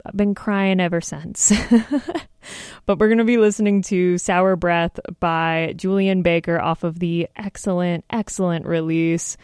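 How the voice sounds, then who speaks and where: Young woman, radio DJ, smooth voice, dry booth sound, chatty, self-deprecating. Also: on the low side, fairly even intonation, unhurried, darkish tone, no room sound. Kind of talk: college radio DJ chat. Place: radio studio.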